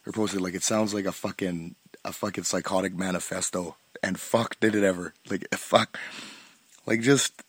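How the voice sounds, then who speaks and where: A man's voice: low-pitched, fairly even intonation, normal speed, breathy edge, no echo. A man hosting a solo podcast, rambling with constant swearing, frequent restarts and bursts of laughter, and sounding stoned. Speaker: podcast host.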